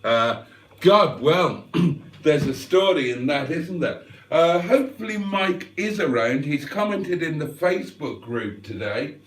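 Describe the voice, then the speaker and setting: A man's voice: on the high side, lively intonation, unhurried. A man, hosting a casual livestream, reading out comments and swearing freely with self-mocking humour. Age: 50s. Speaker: livestream host.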